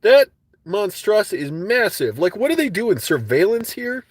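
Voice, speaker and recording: A man's voice: sits high, big pitch swings, moderate pace, no echo. Profane ranting man, dry close sound. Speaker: livestream host. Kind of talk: casual livestream rant.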